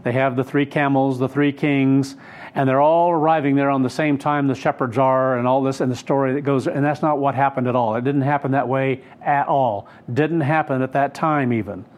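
Male pastor, mid-pitched voice, unhurried and emphatic sermon delivery. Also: steady tone. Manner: unhurried, emphatic storytelling with many fillers. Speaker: preacher.

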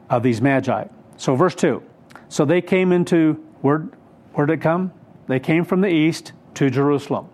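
Male pastor, mid-pitched voice, unhurried and emphatic sermon delivery. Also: a little mellow. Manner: unhurried, emphatic storytelling with many fillers. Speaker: preacher.

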